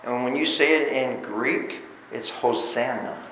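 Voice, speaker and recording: A man preaching a sermon in a church, animated, swinging between loud bursts and quiet asides and often repeating words as he restarts. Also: mid-range voice, unhurried, a little hiss or hum. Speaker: pastor. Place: church sanctuary. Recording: roomy echo.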